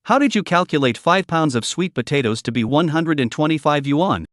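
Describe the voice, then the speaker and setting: A rich young man, cool and mocking toward a cheating merchant, read out by a man. The tone is fairly high and lively, with a dry close sound. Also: fairly quick, dry recording. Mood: scornful. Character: wealthy young man, calm but scornful.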